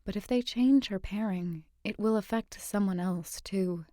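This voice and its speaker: A woman reading a young adult novel in the first person, in a measured, reflective way. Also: medium pitch, warm tone, no echo, clean studio sound. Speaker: audiobook narrator. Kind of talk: first-person audiobook narration.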